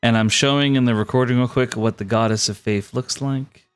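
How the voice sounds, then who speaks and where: A man's voice: mid-range voice, steady tone, a little fast, smooth, faint music behind. A man narrating as game master in casual tabletop role-play, with frequent fillers.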